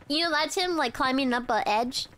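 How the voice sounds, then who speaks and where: A woman hosting a casual gaming stream, playful and laughing often over loud game gunfire. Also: high-pitched, background noise. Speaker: streamer host.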